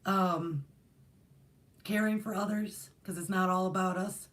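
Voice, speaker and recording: A woman's voice: medium pitch, steady tone, unhurried. Woman, spiritual teacher, casual monologue, rambling with fillers. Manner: rambling, earnest, many fillers and restarts. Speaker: spiritual teacher and channel host.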